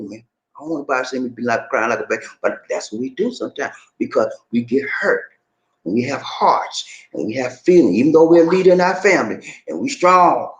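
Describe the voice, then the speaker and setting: Animated man hyping up his viewers. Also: mid-range voice. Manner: playful, hypes the viewer, repeats phrases. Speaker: dating advice host. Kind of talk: casual hyped video talk. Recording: echoey room.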